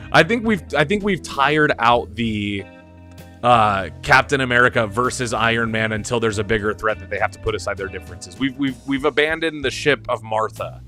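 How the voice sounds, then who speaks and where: Young male streamer, casual chatty commentary, sharp bright tone, light music bed. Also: medium pitch. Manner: enthusiastic, rambling, laughs and swears often. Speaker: stream host.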